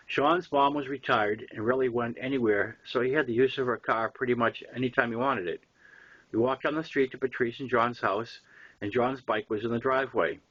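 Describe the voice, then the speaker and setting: A man reading his own first-person novel aloud, relaxed and conversational with small fillers. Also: medium pitch, brisk, dull audio. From Boston area. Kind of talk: first-person memoir narration.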